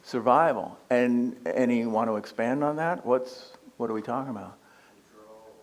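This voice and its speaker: A man's voice: medium pitch, normal speed. A man giving a conversational spiritual talk as a guest speaker, joking and asking the audience questions.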